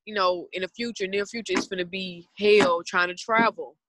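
A woman's voice: medium pitch, fairly even intonation, normal speed, fairly bright tone, a little hiss or hum. A woman in her twenties with a Southern US accent, chatting casually and earnestly on a podcast in a rambling way. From Southern United States. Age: 20s. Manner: rambling, earnest, talks about spirituality.

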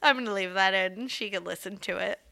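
Bright-voiced woman telling a story. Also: medium pitch, fairly quick, gravelly. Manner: animated storyteller, lots of "like", acts out quotes. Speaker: podcast co-host. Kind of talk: casual chat.

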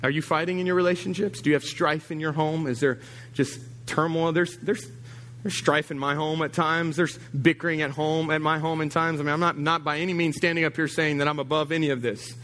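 A middle-aged man preaching a sermon as a pastor, teasing and animated, dropping low and quiet, then rising high and emphatic. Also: a little fast, long reverb tail, a little hiss or hum.

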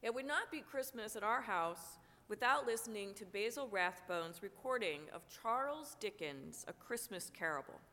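A woman pastor preaching a sermon while fighting a cold, in a slow, measured, prayerful way. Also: mid-range voice, animated, sharp tone. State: has a cold, coughing. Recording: long church reverb.

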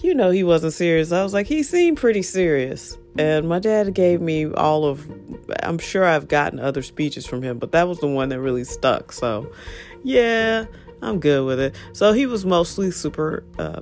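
Low and darkish in tone, this woman's voice carries a casual solo podcast she hosts herself. Talking frankly into her phone, she rambles and chats, laughing at her own expense now and then.

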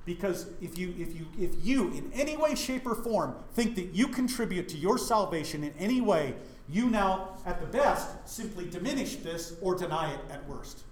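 Middle-aged pastor guy from wyoming teaching bible study, fairly high voice, keeps asking the room questions, echoey church. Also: moderate pace, a little hiss or hum. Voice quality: animated, questioning the audience.

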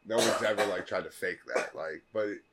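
Low-voiced man telling a story. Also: fairly quick, very noisy. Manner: storytelling, laid-back, laughs often. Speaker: podcast co-host. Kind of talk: casual chat.

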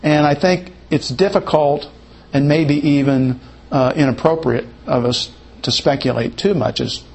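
A man's voice: medium pitch, gravelly. A man teaching verse by verse through a Bible passage. He reads verses aloud, then muses on them, often hedging and weighing both sides.

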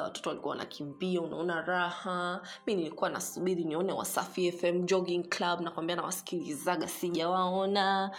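A young woman telling a story casually, chatty and profane, switching between Swahili and English. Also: fairly low pitch.

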